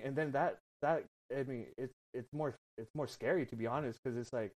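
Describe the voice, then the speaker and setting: A man's voice: mid-range voice, brisk, hardly any pauses, a little mellow, low-quality recording. A man on a podcast telling a story in a rambling, casual way, full of swearing and filler words. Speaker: podcast guest.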